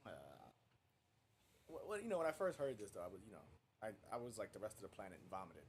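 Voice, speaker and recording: Quick joking guy on a podcast, voice jumps around, faint room hiss. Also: fairly low pitch, very animated. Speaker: podcast guest. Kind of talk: casual chat.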